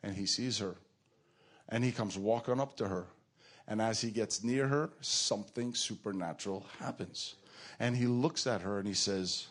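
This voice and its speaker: A man preaches to his church family, telling a story with lively emphasis. His voice rises high when he stresses a point and sinks low and soft in the tender moments. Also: normal speed. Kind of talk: sermon storytelling.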